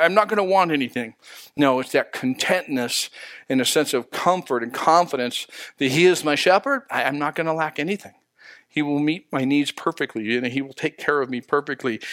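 A man's voice: fairly high pitch, fairly bright tone, no echo, studio quality. Man preaching in a casual, conversational way. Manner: conversational preaching, rhetorical questions, slows for emphasis. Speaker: pastor. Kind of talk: sermon.

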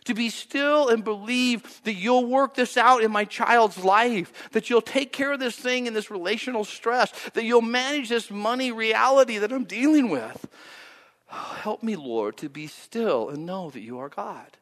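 A man preaching a sermon, animated, acting out the prayers he quotes with rising and falling pitch and loudness. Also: a little slow, big-room sound. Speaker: pastor.

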